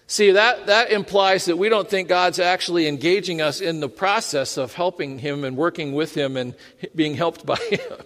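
Male pastor, sermon delivery; higher register, conversational, self-deprecating humor; reverberant sanctuary. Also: moderate pace, fairly bright tone. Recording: long hall reverb.

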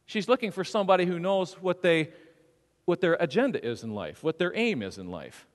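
Long sanctuary reverb surrounds a male pastor's animated sermon. His high voice rises and falls expressively as he fires rhetorical questions at the congregation and slips into brief acted-out quotes.

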